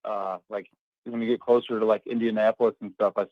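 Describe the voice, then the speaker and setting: A man's voice: on the low side, level tone, fast, dry recording. A man calling into a sports talk show, easygoing and hedging his words with fillers. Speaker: caller. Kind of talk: casual call-in chat. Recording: dull dry phone line.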